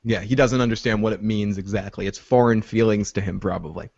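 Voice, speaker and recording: Co-host type, chatty guy with a lively voice who retells scenes and curses freely, dull dry recording. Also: fairly low pitch, fairly quick, gravelly, no room sound. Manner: animated, retells scenes with frequent swearing. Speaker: podcast co-host. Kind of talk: casual TV episode recap chat.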